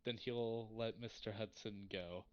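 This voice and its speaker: A man playing a tabletop role-playing game, speaking deliberately as he states his character's actions. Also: fairly low pitch, fairly even intonation. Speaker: player. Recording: dull lo-fi audio.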